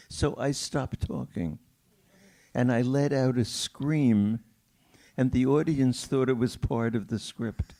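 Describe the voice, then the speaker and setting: A man's voice: on the low side, gravelly. An older man, a pianist, telling stories at a film Q&A in a theater, chuckling and acting out quoted voices. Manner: slow, warm storytelling with laughter and quoted voices. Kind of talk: storytelling at a film Q&A.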